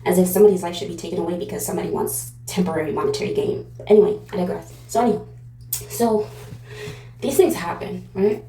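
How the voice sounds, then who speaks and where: A woman's voice: lowish voice, quick pace, mellow, echoey room, slight background noise, low-quality recording. A woman giving a casual pick-a-card tarot reading, rambling and digressive with lots of fillers. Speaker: tarot reader.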